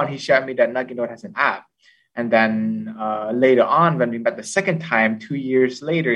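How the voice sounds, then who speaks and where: A young man from Cambodia with a Cambodian accent, answering interview questions in unhurried, simple phrasing. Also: mid-range voice, fairly bright tone, dull audio. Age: young adult. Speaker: podcast guest and host. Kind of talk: interview conversation. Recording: voice from a distance.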